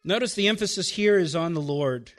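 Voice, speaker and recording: A pastor whose voice sits high preaches to his congregation, pressing them with emphatic rhetorical questions. He lets his delivery drop to quiet, unhurried phrases before building again.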